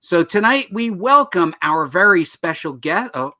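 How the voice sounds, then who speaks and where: A man's voice: high-pitched, sing-song, unhurried, bright, forceful tone, dry recording. A man hosting a live online talk show about comics, joking and teasing himself and his co-host. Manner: jokey, self-deprecating, upbeat.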